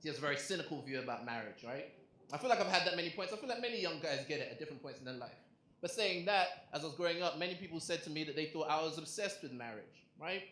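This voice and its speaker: A young man doing a stand-up comedy set, chatty and animated, asking the crowd questions on a club stage. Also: fairly high pitch, fast. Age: young adult. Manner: conversational, animated punchlines, asks the crowd questions. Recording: echoey club with crowd noise.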